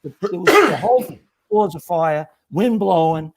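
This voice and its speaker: A man's voice: high-pitched, normal speed, crowd noise. A middle-aged man telling fire stories as a podcast guest, acting out the quotes. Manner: animated storyteller acting out quotes. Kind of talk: casual storytelling.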